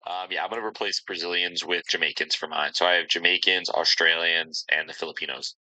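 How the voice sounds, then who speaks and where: A man with a low, deep voice and a strikingly bright, forceful edge, hosting a casual sports podcast. He rambles along cheerfully and fills his pauses with ums and likes. The sound is close and dry, with no room around it. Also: steady tone, dry recording, low-quality recording. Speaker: podcast host.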